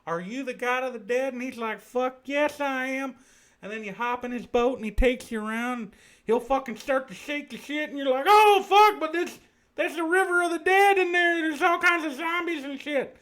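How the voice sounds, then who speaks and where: A man voicing the ghost of an effeminate Southern man with a lisp, talking in a soft drawl during a comic livestream. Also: extremely high pitch, moderate pace, pitched above the performer's own voice. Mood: chatty.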